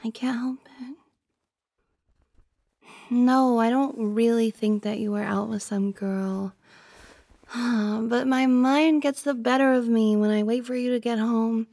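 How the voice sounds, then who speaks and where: Young woman doing a possessive girlfriend role-play; higher voice, pouty and teasing, dry close sound. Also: steady tone, takes it slowly, pauses often, no room sound. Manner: pouty, teasing, drifting into soft whispers.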